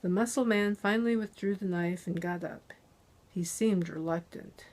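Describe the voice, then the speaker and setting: A woman author reading her first-person crime novel aloud in measured, deliberate narration into a close dynamic microphone. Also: fairly low pitch, a little mellow. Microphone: close handheld dynamic USB mic.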